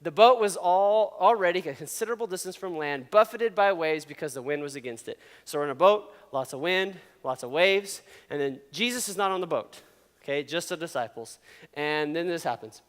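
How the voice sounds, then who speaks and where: A man's voice: a little high, lively intonation, brisk. A man giving a casual youth sermon, playful, often laughing and asking the audience questions. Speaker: youth pastor. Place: large hall with an audience. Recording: long hall reverb.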